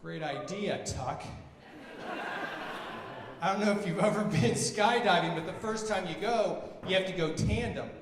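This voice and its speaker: High-voiced man doing loud stand-up. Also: unhurried, long pauses, crowd noise. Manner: loud exasperated storytelling, shouting punchlines. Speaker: stand-up comedian. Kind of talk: stand-up comedy set. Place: comedy venue with live audience. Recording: echoey venue from a distance, audience noise.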